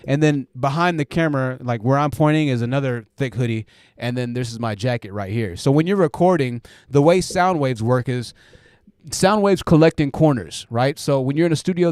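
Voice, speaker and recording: A man's voice: mid-range voice, a little mellow, no room sound, studio quality. A man hosting a live stream in a casual chat style, rambling through explanations with lots of fillers, on a dynamic podcast mic in a home room. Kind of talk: casual live chat, reading viewer comments. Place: home room with hoodies hung up to absorb sound. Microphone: dynamic podcast mic through a preamp.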